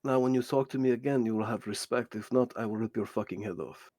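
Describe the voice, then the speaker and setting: A cold, threatening lord speaks in slow, hushed tones, sizing people up, with a man putting him on. He sits in an ordinary middle register. He is chilling and restrained rather than loud. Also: medium pitch, no room sound, pitched below the performer's own voice, lightly acted. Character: menacing imperious male lord, cold and threatening.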